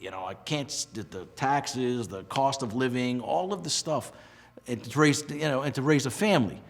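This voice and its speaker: A middle-aged man from Rhode Island speaks earnestly in a relaxed interview, often stopping and restarting as feeling catches up with him. His voice sits at an ordinary pitch for a man. The sound carries the long reverb of a large hall. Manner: earnest, emotional, halting with restarts. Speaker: interviewee, past lodge master. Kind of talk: casual heartfelt interview.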